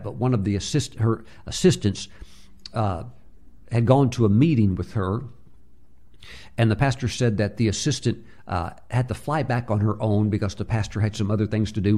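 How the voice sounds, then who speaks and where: A man's voice: on the low side, dark tone. A man preaching a sermon, telling a story with many filler uhs and acting out the voices he quotes.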